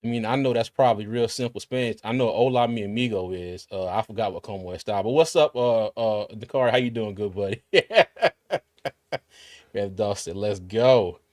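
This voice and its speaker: A Carolinas-born US livestream host with a darkish, low-leaning voice chats at normal speed and reads viewer comments aloud, frequently restarting. The recording is dry and studio quality.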